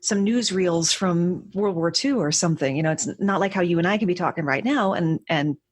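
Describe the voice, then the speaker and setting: A woman's voice: fairly low pitch, fairly quick. An American woman guesting on a podcast, chatting casually with a wry, tangent-prone manner. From United States. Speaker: podcast guest, trivia writer.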